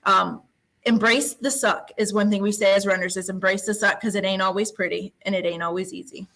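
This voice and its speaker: A woman being interviewed as a guest speaks in a bright, forceful voice. She tells her stories in an upbeat way and laughs often. Her pitch sits in the middle range for a woman. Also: steady tone, a little fast, poor audio. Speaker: guest, middle school science teacher. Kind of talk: casual interview chat.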